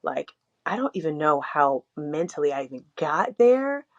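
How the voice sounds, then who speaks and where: A young adult woman co-hosts a podcast in a low, sing-song voice at a moderate pace. She chats candidly and rambles, packing in "like" and swearing frankly. The audio is dull and lo-fi.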